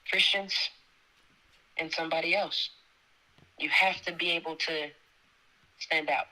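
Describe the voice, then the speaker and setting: Very bright-voiced woman preaching encouragement. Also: sits low, rough recording. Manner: emphatic, repetitive, exhorting. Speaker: faith segment guest.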